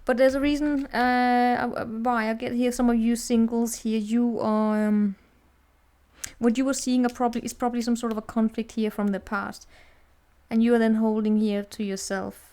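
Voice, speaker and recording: A woman's voice: on the high side, flat delivery, normal speed, mellow. A woman giving a casual, chatty tarot reading to viewers, teasing and laughing as she talks, often restarting her sentences. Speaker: tarot reader.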